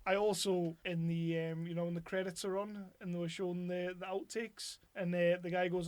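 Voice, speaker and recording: A man's voice: high-pitched, level tone, moderate pace, few pauses, darkish tone. Sweary man ranting. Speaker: podcast host. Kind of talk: casual chat.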